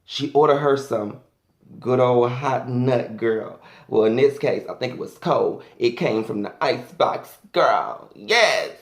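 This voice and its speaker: A man's voice: medium pitch, animated, measured pace, reverberant. A man doing a sassy, flamboyant, profane comic rant as a vlogger.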